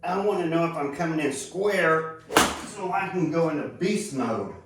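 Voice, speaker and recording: A man's voice: a little high, expressive, heavy background noise. A man giving a casual golf lesson in an easygoing way, talking while he hits balls on the range. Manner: easygoing, unhurried, talks while hitting balls. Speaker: golf instructor. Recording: echoey sound from far off.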